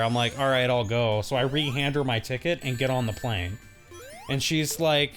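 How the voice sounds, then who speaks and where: A man's voice: medium pitch, moderate pace, a bit bright, soft background music. Laughing man telling a rambling story. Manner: rambling, laughing, acts out quoted voices. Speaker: co-host of a gaming channel. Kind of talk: casual storytelling while playing a game.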